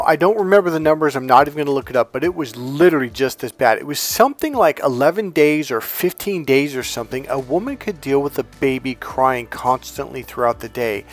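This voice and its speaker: A man who is a dating coach, talking off the cuff to camera in a rambling, profane way and acting out grunts and crying babies. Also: medium pitch.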